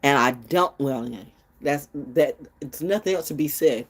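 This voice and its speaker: A woman in her sixties ranting bluntly and profanely in an unscripted vlog, jumping from low mutters to high outbursts and loud laughs. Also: unhurried, slightly rough. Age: 60s. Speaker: vlogger. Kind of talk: unscripted rant to camera.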